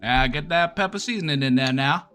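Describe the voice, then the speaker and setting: A man putting on a loud, cheerful Louisiana cook with a Creole-style accent, rattling off cooking steps in fast, hyped patter. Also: a little high, reverberant, faint music behind, pitched above the performer's own voice, natural voice.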